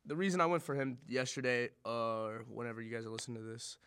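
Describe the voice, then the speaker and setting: A man's voice: medium pitch, fast talker, a bit bright, smooth. A man speaking as a podcast guest in casual chat, hesitant, stammering and restarting his sentences.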